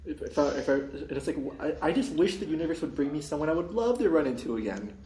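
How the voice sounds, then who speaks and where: A man tells a long, wandering story in casual chat, full of restarts and fillers. His voice sits a little high for a man, and the room adds a clear, roomy echo. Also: lively intonation, fast, warm tone. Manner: rambling storyteller, many likes and restarts, acts out quoted people in a high voice.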